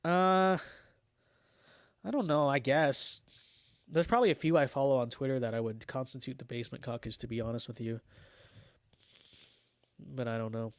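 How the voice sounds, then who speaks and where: A man's voice: medium pitch, moderate pace, long pauses, clear, resonant tone, no echo, studio quality. A young man from Los Angeles hosting a casual livestream, reading chat messages aloud and answering them in a wry, sarcastic, mock-boastful way. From Los Angeles, United States.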